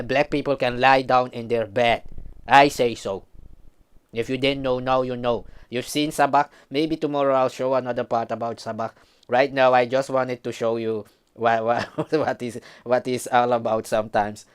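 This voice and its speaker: Heated man with a smooth voice. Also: mid-range voice, fairly even intonation, moderate pace. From Suriname. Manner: emphatic, heated, preachy. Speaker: commentator. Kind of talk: ranting commentary vlog.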